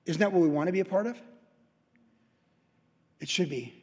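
A man's voice: sits high, moderate pace, darkish tone. A male pastor preaching a sermon with impassioned storytelling. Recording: long hall reverb.

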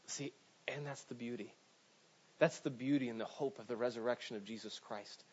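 With a medium pitch and a breathy edge, this male pastor preaches briskly and conversationally. He often repeats himself, restarts sentences, and checks in with "right?", while the recording stays dull and lo-fi.

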